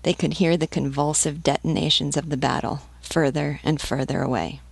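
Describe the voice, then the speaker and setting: A woman narrating an audiobook in a measured, even storytelling manner. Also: low voice, creaky, breathy edge, dry recording.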